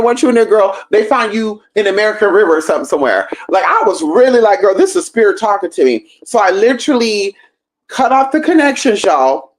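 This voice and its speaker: A woman hosting a livestream, telling a story in a sassy, profane, animated way. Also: mid-range voice, a little fast. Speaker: livestream host.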